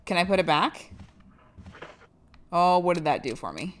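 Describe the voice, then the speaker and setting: A woman's voice: lowish voice, sing-song, measured pace. A young woman streaming a game, playful and swearing freely as she chats with viewers. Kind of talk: casual live gameplay commentary.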